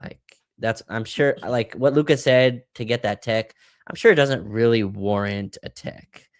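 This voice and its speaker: A man's voice: medium pitch, unhurried, no echo, studio quality. A man co-hosting a sports podcast, talking through a game in a casual, analytical way and hedging his points. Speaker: podcast co-host. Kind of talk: casual sports recap chat.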